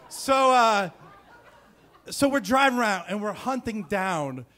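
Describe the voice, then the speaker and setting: A man's voice: sits high, animated, takes it slowly, pushed and bright, a faint crowd. A man in his thirties from New Jersey telling a personal story live on stage, casual and rambling, with lots of fillers and restarts. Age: 30s. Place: stage before a live audience.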